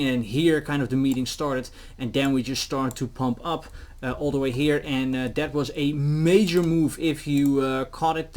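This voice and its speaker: Male trading commentator, slightly high pitch, chatty, filler-heavy delivery. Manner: animated, acts out officials in quotes, many fillers. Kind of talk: casual market commentary to camera.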